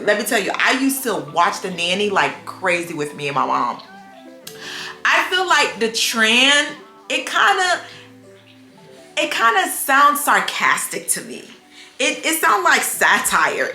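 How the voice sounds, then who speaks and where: A bright-voiced young woman chatting to her vlog audience with sass, swinging her pitch high and low as she tells stories and throws in playful asides. Her voice rings in an echoey room at home, with faint music under it. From United States. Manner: sassy, animated storytelling with playful asides. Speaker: vlogger. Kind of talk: casual chat.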